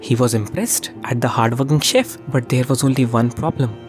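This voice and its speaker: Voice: mid-range voice, normal speed. A young YouTuber narrating comedic commentary, profane and playful, swinging between tones. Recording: faint music behind the voice.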